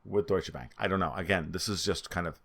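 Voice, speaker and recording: A man's voice: sits low, a little fast, gravelly, fairly bright tone. A man with a New York accent and a nasal voice, talking through market charts in a twitchy, off-the-cuff way. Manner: twitchy, spitballing, restarts often. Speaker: market commentator. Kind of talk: solo market analysis over charts.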